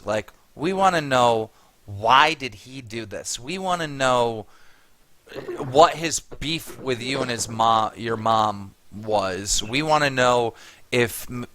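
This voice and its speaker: A man running an online interview over a call, with a bright, edgy tone and a close, dry sound. He asks blunt, pushy questions and keeps pressing for details. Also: medium pitch, no echo. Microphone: video call.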